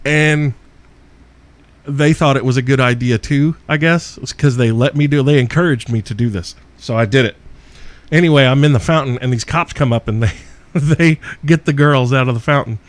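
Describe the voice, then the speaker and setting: Recorded with no echo, this middle-aged man hosts a podcast and speaks at a moderate pace in a medium pitch. He spins a wild story casually, swearing freely and laughing as he goes.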